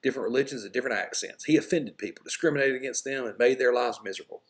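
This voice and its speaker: A man's voice: mid-range voice, racing, pitched above the performer's own voice, close to an everyday voice. A man reading the part of a fussy male court clerk who eagerly lists each sinner's offences.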